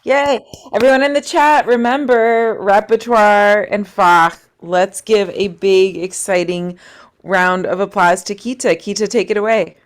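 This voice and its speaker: A woman's voice: medium pitch, fairly even intonation, a little slow. A woman coaching a singing workshop online, chatty and encouraging. She sounds upbeat as she talks students through their voices. Heard over a video call.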